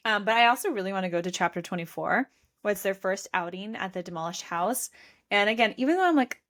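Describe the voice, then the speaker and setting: A woman's voice: mid-range voice, lively intonation, fast, a bit bright. A woman in her thirties co-hosting a book podcast, chatting casually and gushing with laughter. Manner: gushing, laughing, reads lines aloud in playful voices. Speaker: podcast co-host.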